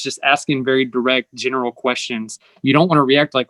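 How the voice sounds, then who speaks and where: A man's voice: mid-range voice, steady tone, brisk, hardly any pauses, a bit bright, no room sound. A man hosting an interview, explaining earnestly and acting out the lines people say. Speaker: host. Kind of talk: casual conversational interview.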